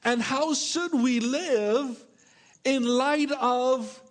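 High-voiced preacher asking drawn-out questions. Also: male voice. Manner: drawn-out emphatic questions, playful asides. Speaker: pastor. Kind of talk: sermon. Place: church with congregation.

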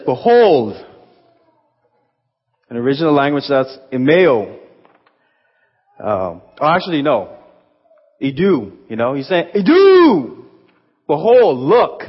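A man's voice: mid-range voice, slightly rough. A man pastor giving a sermon, reading scripture earnestly and adding casual, emphatic asides. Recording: echoey hall, muffled sound.

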